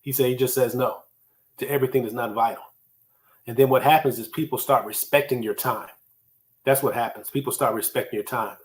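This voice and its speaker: Male host, mid-pitch, casual motivational talker who drives points home through repetition. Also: steady tone, fairly quick. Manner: conversational, emphatic, repeats key phrases for effect. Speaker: podcast host teaching time management. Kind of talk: solo motivational teaching talk.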